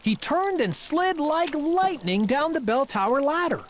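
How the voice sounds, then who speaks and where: A woman reading a children's picture book aloud in a lively, expressive storytelling manner. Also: sits high, a little slow, slight background noise. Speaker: storybook reader.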